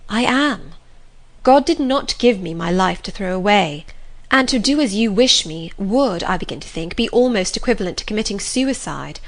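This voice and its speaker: A woman's voice: medium pitch, animated, moderate pace, close to an everyday voice. A woman reading the lines of an earnest, resolute young heroine, pleading yet firm. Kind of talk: audiobook reading.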